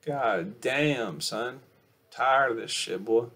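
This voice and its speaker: A young man rambling casually to camera in a profane vlog, swinging between loud outbursts and low mumbles. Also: slow. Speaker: vlogger.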